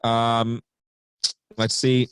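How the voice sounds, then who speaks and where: A man's voice: mid-range voice, monotone, extremely slow, clear, resonant tone, no room sound. Young male podcast co-host, rambly and offhand, dry close sound. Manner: rambling, reads from notes with many ums. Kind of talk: casual podcast chat.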